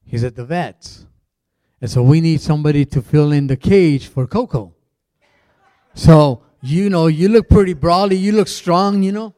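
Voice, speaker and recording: A man's voice: a little slow, warm tone, no echo, lightly acted. A man voicing a zoo manager who coaxes a job seeker into an odd deal, in a persuasive, salesy way. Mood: coaxing. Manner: coaxing, persuasive salesman pitch. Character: brisk middle-aged male zoo manager.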